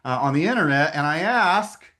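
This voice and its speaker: A man's voice: fairly high pitch, animated, moderate pace, bright, forceful tone. A middle-aged man presenting a webinar in a casual way over a video call, enthusiastic and often hesitating and restarting his sentences.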